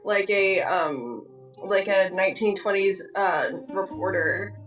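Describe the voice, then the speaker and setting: A woman's voice: medium pitch, slow pace, fairly bright tone, soft background music. Chatty woman cohost, says like a lot, sounds far away and kinda muffled. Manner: chatty, lots of "like", swears casually. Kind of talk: casual live-stream chat. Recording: roomy, distant and muffled.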